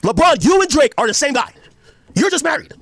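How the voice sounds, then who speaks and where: A man loudly ranting on a clip, mocking and profane, often shouting and laughing. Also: very high-pitched, sing-song, a little fast, no echo, clean studio sound. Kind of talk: heated reaction rant.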